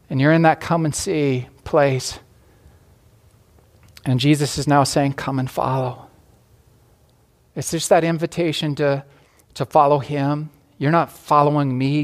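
A male pastor closing a sermon with a gentle, inviting call and a prayer, often restarting his phrases. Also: on the high side.

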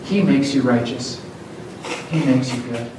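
A man's voice: medium pitch, unhurried. Man preaching in an echoey hall. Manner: earnest storytelling preacher. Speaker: pastor. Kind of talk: sermon. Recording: echoey hall, distant mic, audible background noise.

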